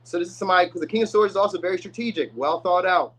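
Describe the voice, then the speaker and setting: A man's voice: high-pitched, rapid-fire, fairly bright tone, slightly rough, rough recording. A man giving a casual, rambling tarot reading. He uses slang and often says "you know what I mean.". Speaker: tarot reader.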